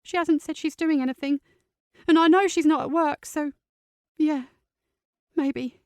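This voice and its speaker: A woman voicing an upset teenage girl, speaking high and quick in an audiobook. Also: steady tone, a little mellow, no echo. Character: distressed teenage girl, tearful and defiant.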